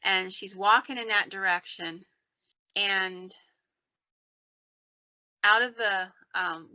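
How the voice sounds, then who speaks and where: A woman hosting a podcast, telling a ghost story in an animated, digressive way. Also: medium pitch, dry recording, muffled recording. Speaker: podcast host.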